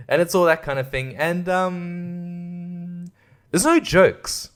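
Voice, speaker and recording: A man's voice: high-pitched, takes it slowly, long pauses, clear, resonant tone. Sarcastic, profane male podcast host. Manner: profane, sarcastic, laughs at his own jokes. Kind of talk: casual ranting podcast review.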